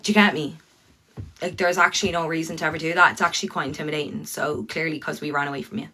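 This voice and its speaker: Sweary Irish woman with a low, forceful voice. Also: steady tone, fast talker. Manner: blunt and sweary, talking straight to her viewers. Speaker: livestreamer. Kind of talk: ranting livestream chat.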